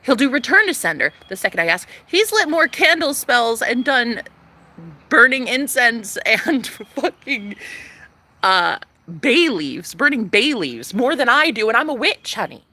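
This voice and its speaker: A young woman talking to camera in a casual vlog, sassy, profane and dramatic, swinging between loud outbursts and hushed asides. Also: a little high, sing-song, measured pace. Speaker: vlogger.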